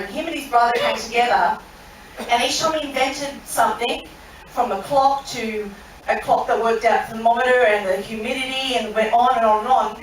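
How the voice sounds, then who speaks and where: In a big cruise-ship room, an Australian woman with a fairly high voice runs an interactive lesson, chatting, asking the crowd questions and laughing at her story. The recording is distant and heavily echoey, with slight background noise.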